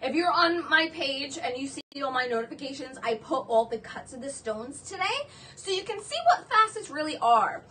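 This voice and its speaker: A woman hosting a live jewelry sales stream, chatty and excitable, gushing over each piece. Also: high voice, moderate pace. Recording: distant mic with faint background noise.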